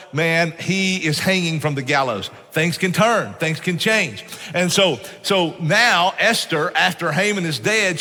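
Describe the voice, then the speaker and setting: The pastor, a middle-aged man, has a fairly high, pushed, bright voice as he preaches in a church sanctuary. He tells stories in a folksy manner, often saying "man," and church hall reverb colors the sound.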